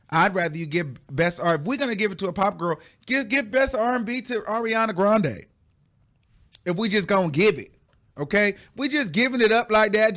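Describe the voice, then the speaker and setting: A man hosting a casual pop-culture commentary show, talking in an animated, sassy way, stretching out words for effect and laughing often. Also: high voice.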